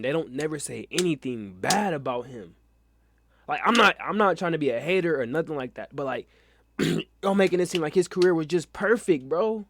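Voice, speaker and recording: A man's voice: on the high side, fairly bright tone. A young man hosting a reaction video, talking bluntly and with lots of profanity, sounding exasperated. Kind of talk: casual reaction commentary.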